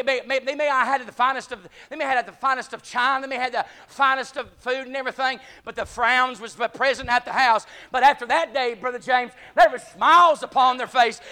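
A man preaching a sermon, calling out to the congregation and climbing to shouted peaks, short of breath at times. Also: very high voice. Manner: call-and-response, rising to shouting peaks.

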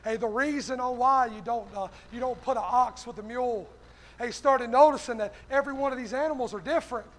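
A man's voice: extremely high pitch, fairly quick. A male pastor preaching a sermon, punching his lines with a repeated "hey".

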